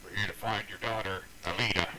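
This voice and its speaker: A man playing a gruff sailor adventurer in a tabletop game. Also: fairly low pitch, fairly even intonation, quick pace, bright, forceful tone, a little hiss or hum, poor audio. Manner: gruff, drawling.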